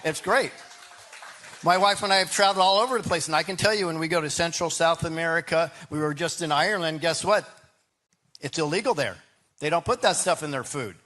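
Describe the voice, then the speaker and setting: A man's voice: on the high side, fairly quick, bright, forceful tone. A man speaking as a political candidate in a debate, earnest and repeating himself while often asking the audience if they agree. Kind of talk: campaign debate answer.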